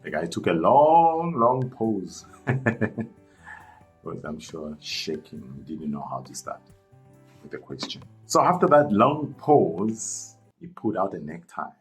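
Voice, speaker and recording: Deep-voiced man telling a lively story. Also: slow pace, faint music behind, low-quality recording. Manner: animated, chatty, addresses viewers as guys. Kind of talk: storytime narration.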